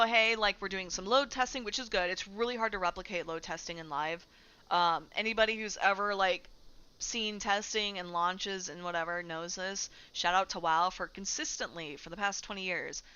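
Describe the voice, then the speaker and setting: Young woman streamer, bright voice, sweary ranting chat, slightly dull audio, faint music behind. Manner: profane, ranting, talks to chat, mocks gamers in silly high voices. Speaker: streamer discussing game news. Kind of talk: casual livestream chat.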